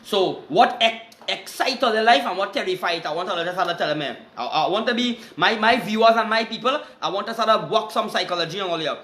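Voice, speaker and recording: A Trinidadian man hosting a rambling live stream, with loud, excited greetings and shout-outs. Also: sits high, fast talker, hardly any pauses. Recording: echoey room.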